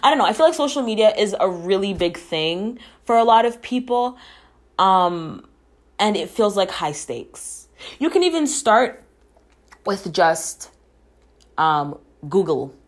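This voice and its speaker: This young woman's podcast is a reflective, personal talk delivered earnestly, with casual swearing and moments where she is emotional and near tears. Her voice is fairly low and a little mellow.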